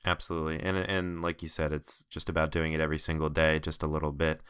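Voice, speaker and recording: A man's voice: very deep voice, completely flat delivery, fast, fairly bright tone, clear, resonant tone, dry recording, clean studio sound. A man hosting a podcast interview, chatty and encouraging, with many fillers. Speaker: podcast host. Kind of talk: casual interview talk.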